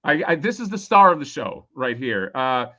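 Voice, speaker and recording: A man's voice: medium pitch, big pitch swings, normal speed, bright, forceful tone, lo-fi sound. A man losing his voice, rambling casually and swearing a lot while explaining a toy on a live stream. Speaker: toy designer presenting a crowdfunding campaign.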